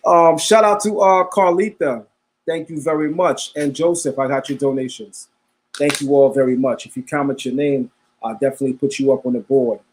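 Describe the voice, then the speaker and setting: A man's voice: medium pitch, fairly even intonation, normal speed, slight background noise. A man hosting a live stream, talking casually, repeating himself and calling his viewers family. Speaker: livestream host.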